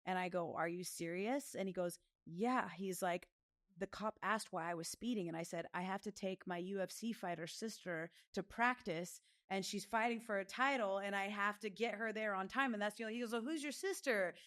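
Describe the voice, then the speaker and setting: A woman in her thirties telling lively stories in a casual interview, acting out other people's voices. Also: fairly quick. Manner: animated, acts out other voices with big pitch jumps. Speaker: guest, professional fighter.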